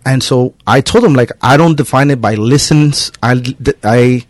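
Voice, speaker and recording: Male podcast host, relaxed and rambling, mid-pitched, recorded dry. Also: moderate pace, dry recording. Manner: rambling, full of "like" fillers. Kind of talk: casual conversational interview.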